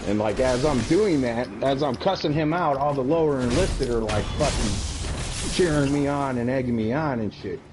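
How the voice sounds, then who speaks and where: A man's voice: medium pitch, normal speed, music in the background, rough recording. Blunt, profane man telling a story. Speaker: live game streamer, Army veteran. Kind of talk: casual storytelling on a live stream.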